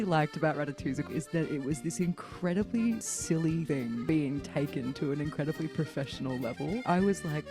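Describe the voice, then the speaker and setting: A young Australian woman with a somewhat low voice tells self-deprecating stories in a relaxed interview chat. Music plays clearly behind her. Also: normal speed, hardly any pauses. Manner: self-deprecating, animated storytelling with laughs. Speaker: guest.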